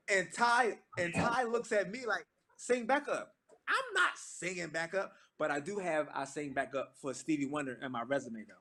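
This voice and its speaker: A man in his thirties, a gospel singer, tells a story to a church audience in a lively, slangy way and acts out the lines he quotes. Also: sits high.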